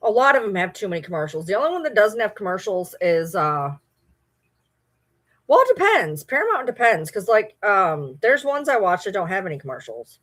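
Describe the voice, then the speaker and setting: A Michigan woman with a Michigan accent hosts a livestream, rambling casually and responding to viewer comments. Her mid-range voice is very animated, brisk, and a bit bright.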